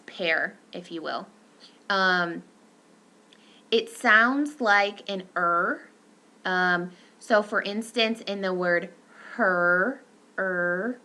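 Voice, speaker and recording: A woman's voice: mid-range voice, bright, forceful tone. A young adult woman giving a recorded lecture, explaining step by step with fillers and self-corrections.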